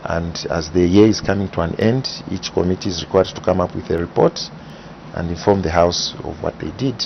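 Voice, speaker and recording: A man, explaining parliament procedure in measured, methodical interview answers. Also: sits low, gravelly. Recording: dull broadcast audio with faint hiss.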